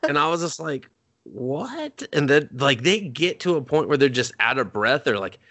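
A young man casually recapping an anime film, rambling and profane, and acting out characters in quick asides. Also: a little high, pushed and bright. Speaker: podcast co-host.

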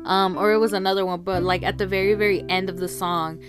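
Over clear guitar music, a podcast host talks fast through a casual solo episode with fairly even intonation and a middle-range pitch. She rambles, laughs often, and fills pauses with ums and likes.

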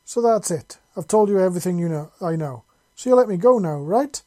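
A man voicing a skinny, scraggly male raider who talks fast and yelps in panic. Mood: panicked. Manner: fast, nervous, high-pitched yelling.

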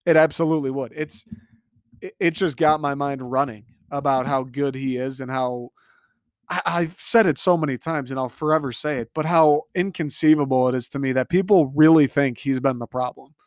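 A man hosting a solo sports podcast, talking in an animated, emphatic way and swearing freely. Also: medium pitch, normal speed, no echo, clean studio sound. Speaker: podcast host.

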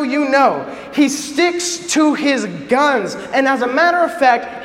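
Animated high-voiced male preacher. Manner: animated, joking, acts out quotes. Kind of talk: casual sermon. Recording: echoey hall, faint background noise.

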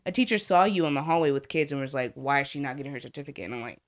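A woman's voice: extremely low pitch, racing. A young woman telling stories from her school job on a podcast, swearing freely and acting out the kids' voices. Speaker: podcast co-host, school staff. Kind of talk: casual storytelling chat.

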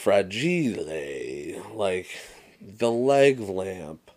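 A young man with a very low voice co-hosts a casual podcast. He tells stories with animated energy, swears freely and slips into quoted movie lines. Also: extremely slow. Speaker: podcast co-host. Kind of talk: casual chat.

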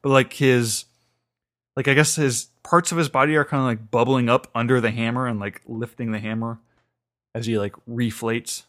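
A man with a middle-of-the-road pitch talks casually on a podcast, retelling an episode. He rambles through it with many fillers, restarts and asides. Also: fairly even intonation, moderate pace, a bit bright. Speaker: podcast co-host. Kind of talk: casual recap chat.

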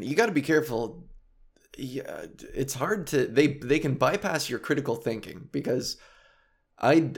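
A man's voice: mid-range voice, gravelly. Rambling self-deprecating man in his thirties. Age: 30s. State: emotional, recently cried. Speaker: comedy podcast host. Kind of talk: confessional solo podcast monologue.

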